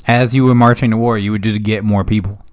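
A young man co-hosting a podcast, chatting casually and acting out quoted characters in an animated way. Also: lowish voice, quick pace. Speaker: podcast co-host. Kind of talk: casual chat.

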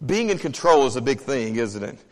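A male pastor preaching a sermon, animated, asking the congregation questions and swinging between loud, quick passages and low, quiet ones. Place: church sanctuary. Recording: long hall reverb.

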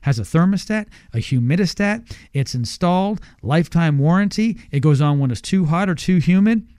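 A male radio host telling a story in an animated way and pitching a deal to his listeners. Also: moderate pace, dry recording, clean studio sound. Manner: animated storytelling, acting out quotes. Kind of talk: radio ad read and chat.

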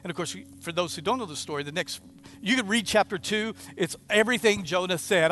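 A man preaching a sermon, retelling a story with lively, acted-out quoted prayers. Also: high-pitched, brisk. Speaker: pastor.

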